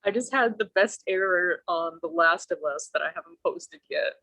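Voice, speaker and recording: Joining a casual online talk show remotely from her home, a podcast guest with a fairly low voice chats at a moderate pace. Her storytelling is lively and full of swearing, with quotes she acts out.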